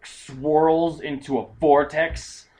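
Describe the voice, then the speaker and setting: A young man spins crude, animated work stories on a casual comedy talk show. His voice sits a little high for a man, and he keeps the telling lively and rude. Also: slow pace, a little hiss or hum. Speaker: podcast co-host.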